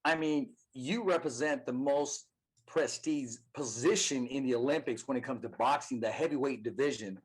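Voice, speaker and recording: A man hosts a podcast and asks his questions in an encouraging way, often pausing and restarting as he shapes them. His voice sits at an ordinary middle pitch for a man. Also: slightly rough, poor audio. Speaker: podcast host. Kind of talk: interview questions.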